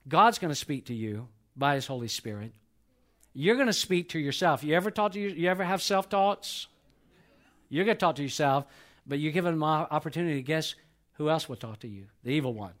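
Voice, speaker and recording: Preaching man, loud peaks and hushed lows. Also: animated, a little fast. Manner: swings between loud emphatic peaks and soft hushed lows. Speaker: pastor. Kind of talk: sermon. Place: church sanctuary.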